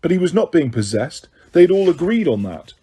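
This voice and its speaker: A man narrating an audiobook in a steady, even storytelling voice. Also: a little high, fairly quick, breathy edge. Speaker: audiobook reader.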